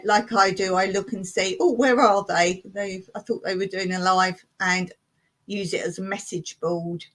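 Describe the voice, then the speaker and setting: A woman's voice: medium pitch, a bit bright. A woman from England hosting a casual live stream, chatting and giggling as she reads out viewer comments. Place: home in rural Cyprus.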